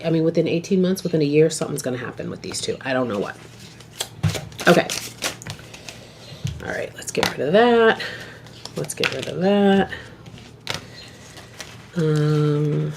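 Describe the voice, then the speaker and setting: A low-pitched woman talks slowly through a tarot reading, rambling and checking in with her viewers. The recording carries clear background noise. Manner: chatty, rambling, says okay often. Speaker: tarot reader. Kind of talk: casual tarot reading to camera. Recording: noisy home video recording.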